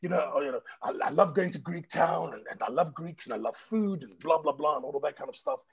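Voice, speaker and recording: A man's voice: fairly high pitch, expressive, fast, gravelly, husky, heavily acted. A man putting on a chatty woman who gushes and insists, while telling an anecdote. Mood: insistent. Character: chatty woman boasting about her new home.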